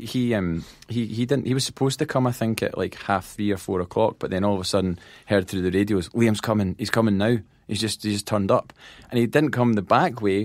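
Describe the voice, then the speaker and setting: A Scottish band manager appears as a podcast guest, telling lively anecdotes in casual chat, acting out quotes and laughing often. His voice is on the low side, and the recording is dry and studio quality.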